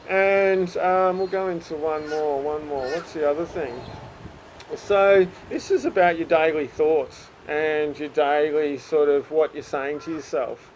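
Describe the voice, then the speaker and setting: A man's voice: on the high side, measured pace, a little mellow, a little hiss or hum, low-quality recording. A man giving a casual, encouraging spoken psychic reading to viewers, with many fillers and little acted bits of self-talk. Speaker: psychic reader.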